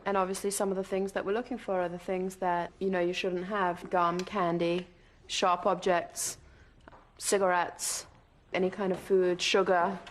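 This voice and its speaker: A woman's voice: lowish voice, little pitch movement, moderate pace, a little hiss or hum. A woman on a clinic staff listing things in a matter-of-fact way.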